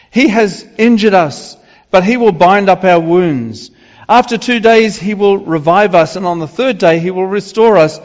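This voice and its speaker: A man's voice: high-pitched, long reverb tail, highs cut off. An older man preaching a sermon in a loose, conversational way, full of fillers and restarts.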